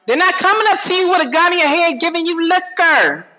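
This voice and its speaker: A woman giving a lively health talk to an audience, swinging from low asides to loud calls. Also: brisk. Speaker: health speaker addressing an audience. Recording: dull lo-fi sound.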